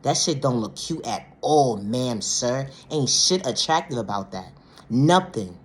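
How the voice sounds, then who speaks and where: A woman vlogger delivering a blunt, profane monologue rant, swinging between low, quiet stretches and loud, high outbursts. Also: animated, a little slow, slight background noise. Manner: blunt, profane, repeats "ma'am, sir" and "respectfully".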